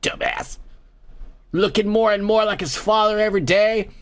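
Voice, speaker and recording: A man's voice: sits high, lively intonation, moderate pace. A man hosting a comedy podcast, ranting crudely about the news and raising toasts while drinking. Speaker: podcast host. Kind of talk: profane comedic news rant.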